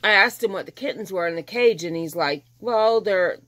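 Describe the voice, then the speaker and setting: Telling her rescue story on a vlog, this middle-aged woman speaks at a moderate pace in a medium-pitched, fairly bright voice. The telling is chatty and long-winded, with quoted dialogue acted out.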